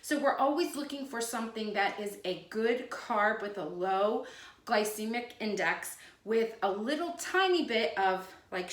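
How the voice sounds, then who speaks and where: A woman hosts a home cooking video, demonstrating a recipe in her kitchen while chatting casually and drifting into side stories. Her medium-pitched voice is a bit bright. The room is echoey with faint noise.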